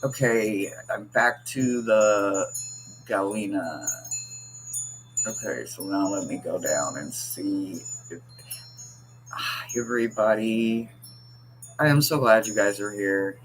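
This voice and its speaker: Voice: low-pitched, slow pace, pauses often, soft background music, low-quality recording. A tarot reader hosting a livestream, chatting casually, teasing viewers and laughing often while reading the chat aloud.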